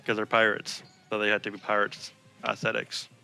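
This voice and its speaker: A man's voice: on the low side, monotone, fairly quick, creaky, bright, forceful tone, faint music behind. A young man co-hosting a let's play, making easygoing, teasing remarks about the game. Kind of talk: casual gameplay commentary.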